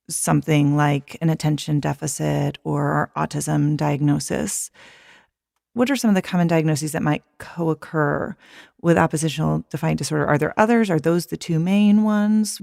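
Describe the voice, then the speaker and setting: A woman's voice: low voice, creaky, a little mellow, no echo, studio quality. A woman hosting a podcast, asking her guest questions and drawing on her own work with families. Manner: asks questions, draws on her own casework. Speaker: podcast host. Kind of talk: podcast interview.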